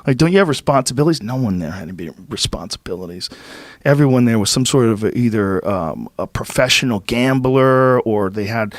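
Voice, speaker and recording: This podcast host, a man in his fifties from around Boston, speaks with a fairly low pitch at a moderate pace, captured dry and at studio quality. He spins casual, lively stories laced with profanity, his excitement rising as they go.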